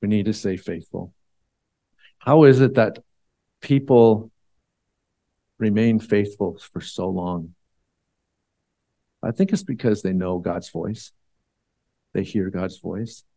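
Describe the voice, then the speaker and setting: A man's voice: fairly low pitch, takes it slowly, pauses often, dark tone, no echo, clean studio sound. Man preaching a conversational Bible sermon. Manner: conversational, with frequent fillers and restarts. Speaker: church elder.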